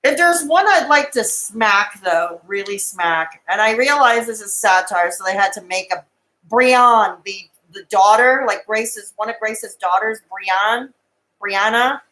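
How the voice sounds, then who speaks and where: A woman's voice: medium pitch, unhurried, bright, forceful tone, low-quality recording. A woman hosting a live stream, chatting casually and giggling as she rambles and answers comments.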